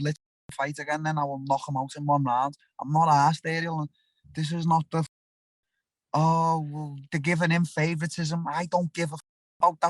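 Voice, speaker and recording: A man's voice: fairly high pitch, no echo. Blunt young Liverpool man, dry sound. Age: young adult. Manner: blunt and animated, with frequent restarts and swearing. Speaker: fighter being interviewed. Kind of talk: casual interview talk.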